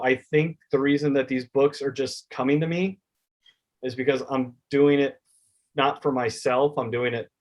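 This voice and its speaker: Guy author on a talk show, mid-pitch voice, sincere storytelling, acts out quotes. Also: darkish tone. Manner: heartfelt, acts out quoted exchanges. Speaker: children's book author, guest. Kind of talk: conversational interview storytelling.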